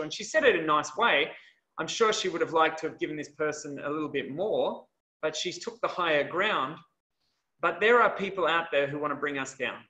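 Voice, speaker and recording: Bright-voiced male coach on a video call. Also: sits high, animated, moderate pace, roomy sound. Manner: earnest and conversational. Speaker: health and wellness coach.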